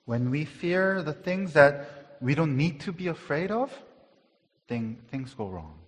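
A man preaching a sermon in an earnest way, repeating words for emphasis, rising in volume on key phrases and dropping to a hush. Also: fairly high pitch, sing-song, unhurried. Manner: swells louder on key phrases, then drops to a hush. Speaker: pastor. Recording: long hall reverb.

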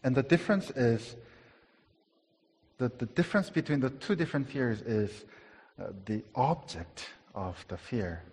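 A man preaching a sermon in an earnest way, repeating words for emphasis, rising in volume on key phrases and dropping to a hush. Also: mid-range voice, lively intonation, measured pace. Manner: swells louder on key phrases, then drops to a hush. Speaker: pastor. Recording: long hall reverb.

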